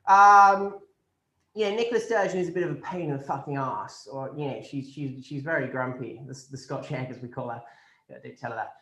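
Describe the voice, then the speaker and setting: A man's voice: fairly high pitch, a bit bright. Man doing posh upper-class English minister, pompous, rambling, swearing, echoey room. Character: posh entitled Tory male minister, crude and smug. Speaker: comedian in character as a government spokesman. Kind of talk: improvised satirical press conference.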